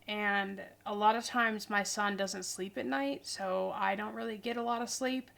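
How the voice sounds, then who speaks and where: A woman's voice: medium pitch, steady tone, unhurried, gravelly, fairly bright tone. A woman in her forties, a tired and chatty vlogger talking casually in a rambling, goofy way. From Idaho, US. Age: 40s. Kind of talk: casual chat.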